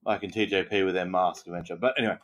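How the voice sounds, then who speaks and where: Aussie male co-host, lower register, casual and agreeable, filler-heavy speech. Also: fairly even intonation, racing. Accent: Australian. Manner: agreeable, lots of yeahs and ums. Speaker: podcast co-host. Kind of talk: casual wrestling recap chat.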